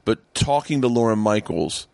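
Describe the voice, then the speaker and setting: A man's voice: on the low side, expressive, unhurried, creaky, darkish tone, no room sound. A man hosting a podcast in casual chat, earnest and rambling with many restarts. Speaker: podcast host. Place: home studio.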